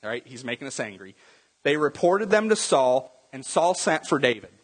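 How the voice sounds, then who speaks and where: A man's voice: mid-range voice, big pitch swings, moderate pace, slightly rough, big-room sound. A man preaching a sermon as pastor, talking conversationally and acting out Bible scenes in different voices.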